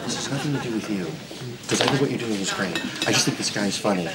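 A man's voice: lowish voice, fast talker, over a noisy crowd. A man on a TV set patiently reassuring a fellow actor and explaining how to deliver a line. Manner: patient, reassuring, laughing along. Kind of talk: on-set conversation. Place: TV studio set. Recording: clear background set noise.

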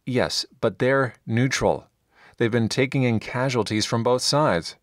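A man's voice: unhurried, no room sound, clean studio sound, natural voice. A man voicing an exasperated, pleading knight in an audiobook, the voice of reason among zealots. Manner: pleading, exasperated, higher-pitched.

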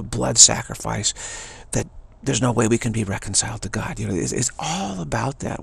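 A man giving a halting, rambling spiritual monologue, with frequent restarts and quick mocking voices for others. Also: medium pitch, vocal fry, a bit bright, slightly rough. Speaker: spiritual commentator.

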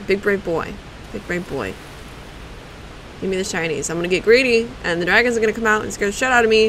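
A woman's voice: medium pitch, bright, forceful tone, a little hiss or hum, rough recording. A woman livestreaming a video game, reacting with curses and chatting to her viewers. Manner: profane, reactive, talks to chat. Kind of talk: casual live gameplay commentary.

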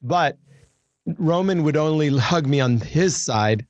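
A man's voice: fairly high pitch, expressive, takes it slowly, dry recording, lo-fi sound. A man in his seventies chatting as a guest, laughing easily and restarting his sentences. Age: 70s. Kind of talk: casual chat.

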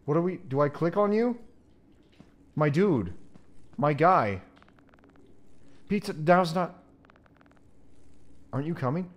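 A young man giving excitable, swear-filled let's play commentary on a horror game, yelping and shouting at scares. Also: a little high, takes it slowly, long pauses. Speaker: gamer.

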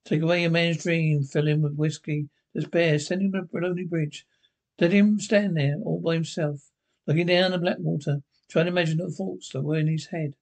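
A somber narrator of a strange television story. The voice sits a little high for a man and has a husky, breathy grain. Each line is measured and dramatic. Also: steady tone. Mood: grave. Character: grave male narrator of eerie tales.

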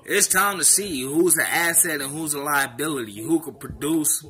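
Pissed off philly guy cussing nonstop about his team, bright sharp voice kinda high. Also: normal speed. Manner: profane and heated, repeats himself. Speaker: sports fan vlogger. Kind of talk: angry fan rant.

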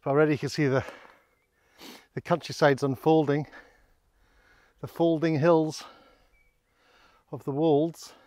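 A fairly high-voiced man talking his way through a country walk, rambling and self-deprecating as he goes. He sounds a little out of breath on the inclines, speaking into a camera mic outdoors, and the sound is dry and close. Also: flat delivery, unhurried, long pauses, a little mellow, no room sound. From Scotland. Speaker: vlogger on a countryside hike. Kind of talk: casual walking vlog narration. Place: outdoors in open countryside, fields and hills.

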